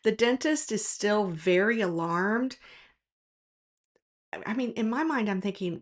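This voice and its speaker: A woman's voice: medium pitch, lively intonation, measured pace, long pauses. A woman who runs a tutoring business, telling a personal story in a casual, frank and reflective way, straight to her viewers.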